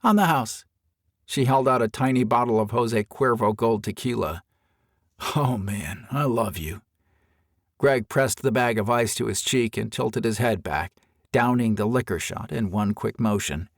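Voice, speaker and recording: A man narrating a novel as an audiobook, expressive storyteller. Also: mid-range voice, normal speed, gravelly, dry recording, clean studio sound. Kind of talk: scripted narration.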